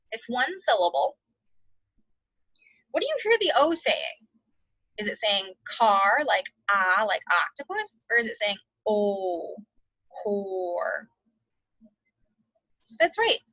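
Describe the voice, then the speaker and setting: Woman teacher, phonics lesson, bright crisp voice, dry dull lo-fi audio. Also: high-pitched, no echo. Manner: slow, clear sounding-out of words and letters. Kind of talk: remote phonics lesson for second graders.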